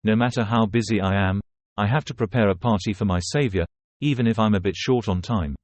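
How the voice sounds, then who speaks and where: A man's voice: lowish voice, brisk, a little mellow, dry recording, lightly acted. A man voicing an earnest, worried male general who is grateful to his savior, in a storybook recap.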